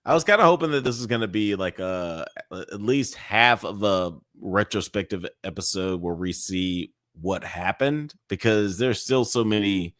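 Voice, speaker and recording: A man co-hosting a casual podcast, relaxed and quick to laugh, with many fillers. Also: on the low side, no echo, studio quality. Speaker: podcast co-host. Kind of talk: casual chat.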